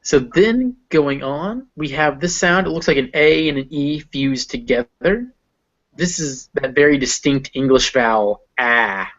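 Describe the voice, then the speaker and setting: Working as a phonetics tutor, this man coaches a single student on pronunciation, patiently explaining sounds and saying words aloud as examples. His voice is a little high and animated, slightly slow, and the recording is dull and lo-fi.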